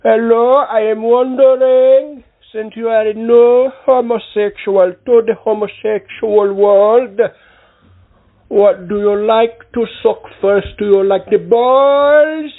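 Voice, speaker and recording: A man's voice: very high-pitched, fairly even intonation, full character voice. A prank caller voicing a stilted, crude man called Boris on a phone line. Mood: mocking. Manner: very slow, stilted, crude questions.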